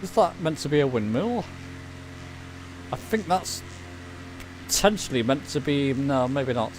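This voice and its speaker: Faint music plays behind a man whose medium-pitched voice has lively intonation and a slightly slow pace. He's chatting casually on a flight simulator stream, rambling and reading out chat.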